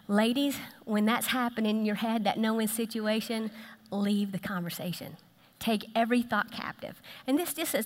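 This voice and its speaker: A pastor's wife giving a lively, playful sermon, teasing the congregation as she speaks. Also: medium pitch. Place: church sanctuary. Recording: echoey church hall.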